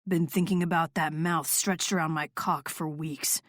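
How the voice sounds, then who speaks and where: A woman's voice: low voice, fairly even intonation, moderate pace, dry recording, clean studio sound, voice pushed down. A woman narrator voicing a confident, seductive male rock star who murmurs in a teasing, insistent way in an audiobook. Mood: murmuring. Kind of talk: audiobook character voice.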